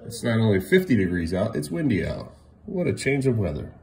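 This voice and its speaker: Sleepy, playful dad with a lively voice. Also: male voice, lowish voice, brisk, vocal fry, noisy background. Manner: playful, teasing, coaxing his kids. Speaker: father and vlogger. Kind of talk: casual family vlog. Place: home kitchen, then outdoors by the street.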